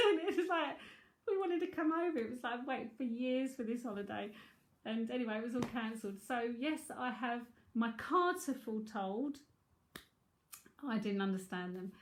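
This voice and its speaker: A woman's voice: a little high, roomy sound. A middle-aged woman, a psychic tarot reader, chatting frankly and laughing often as she answers viewers. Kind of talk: casual livestream chat.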